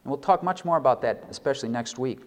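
A man preaching a sermon, reading scripture slowly and stressing key words with big swings in pitch and loudness. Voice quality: expressive, reads scripture slowly and deliberately. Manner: emphatic preaching with wide swings in pitch and volume, slowing on key phrases. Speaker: pastor.

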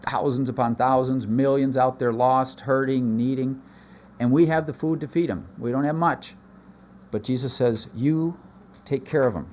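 A man delivers an earnest sermon in a mid-range voice, pushing higher for emphasis and sinking low for quieter asides. A faint background hiss sits under the recording. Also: steady tone, normal speed. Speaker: pastor.

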